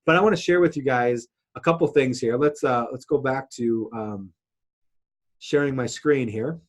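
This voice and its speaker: A man's voice: medium pitch, normal speed. A man teaching an online marketing course lesson, talking casually with fillers and restarts, sharing his screen. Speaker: marketing instructor.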